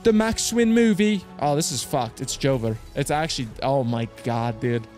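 A man hosting his own channel, commenting excitedly to viewers with slang, swearing and loud outbursts. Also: medium pitch, normal speed, soft background music. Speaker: slots streamer host.

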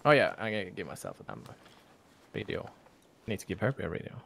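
A man's voice: low voice, fast talker, vocal fry, husky. A man chatting casually over voice chat while leading his squad in a multiplayer game. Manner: relaxed, giving orders with laughter.

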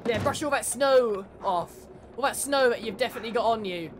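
A woman's voice: fairly high pitch, a little fast, background noise. A woman commentating her horror game playthrough, sarcastic, swearing and laughing at the characters. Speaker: gamer. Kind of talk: let's play commentary.

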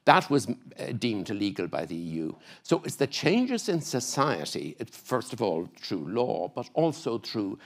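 An Irish man in his seventies talks on a festival panel with a fairly low voice. He is hesitant, often stammering and restarting before getting a thought out. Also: sing-song, a little slow, hardly any pauses. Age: 70s. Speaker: economist panel guest. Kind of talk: panel discussion. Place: festival talk stage.

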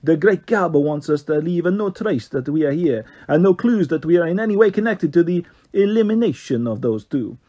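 A man's voice: a little high, lively intonation, moderate pace, few pauses, mellow. A man voicing a male dog gang boss with an Italian accent, firm and menacing.

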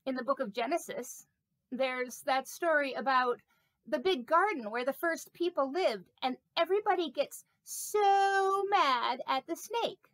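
A woman's voice: sits high, unhurried, fairly bright tone, dry recording. A woman voicing a vain, chatty, silly snake puppet in a children's sermon, talking playfully with rambling asides. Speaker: pastor.

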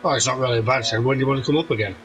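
A man's voice: mid-range voice, very fast, a bit bright, low-quality recording. Chatty man, jokey and swearing. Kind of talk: casual gaming chat.

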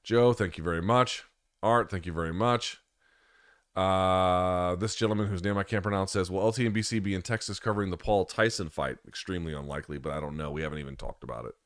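Deep-voiced man casually fielding viewer questions. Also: fast talker, fairly bright tone, no room sound, studio quality. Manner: candid, loose and profane. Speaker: host answering viewer questions. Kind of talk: casual live-stream chat.

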